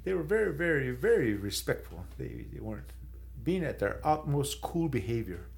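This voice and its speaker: Man, evangelist, mid-pitched voice, emotional testimony, faint background hum. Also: big pitch swings, moderate pace, creaky. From San Carlos Apache reservation, Arizona. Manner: emotional, rising high when moved, tearful. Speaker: street evangelist. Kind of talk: personal testimony.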